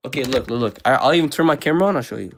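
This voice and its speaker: A young man calling in to a live debate, talking casually and filling pauses with "uh" and "um". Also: medium pitch, lively intonation. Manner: casual, says bro, pauses with uh and um. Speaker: caller debating the host. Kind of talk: heated debate.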